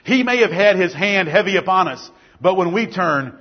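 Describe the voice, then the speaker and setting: Preacher, male, high husky voice, fervent and emphatic, sermon delivery. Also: lively intonation, normal speed, hardly any pauses, muffled recording.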